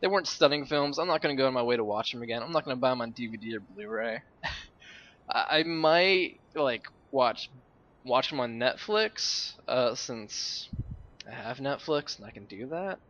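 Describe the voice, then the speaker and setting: A man's voice: medium pitch, animated, normal speed, a bit bright. A young man rambling casually about films while playing a game, offhand and swearing now and then. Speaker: gamer and uploader. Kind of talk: rambling casual commentary over gameplay. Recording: lo-fi home mic.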